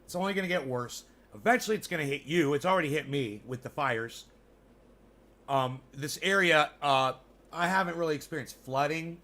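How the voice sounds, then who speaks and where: A vlogger with a highish, bright, forceful voice rambles to his viewers from his home in the mountains. His talk is loose, chatty and laced with profanity, directed right at the audience.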